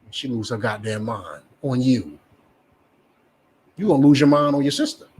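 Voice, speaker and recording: A man's voice: mid-range voice, expressive, normal speed, darkish tone. A man with a New Jersey accent preaching a fiery street sermon, swearing and acting out the voices he quotes.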